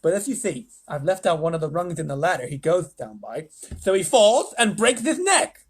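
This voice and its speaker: Man putting on a smug storybook president, gleeful and theatrical, husky edge. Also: sits high, very animated, moderate pace, exaggerated voice. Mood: boastful. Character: boastful self-satisfied male president.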